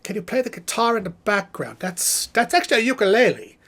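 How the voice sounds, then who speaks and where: A man's voice: sits high, brisk, exaggerated voice. A man voicing a theatrical, self-important male puppet professor hosting a live stream Q&A, rambling and breathless. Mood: chatty. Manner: animated, theatrical, rambling asides. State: out of breath, exhausted. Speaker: puppet host.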